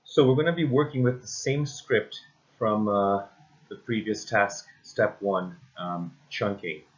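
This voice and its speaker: A man's voice: fairly low pitch, unhurried, lo-fi sound. A man teaching a recorded lesson, walking through steps and often saying "again" and "basically" with frequent ums. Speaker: instructor.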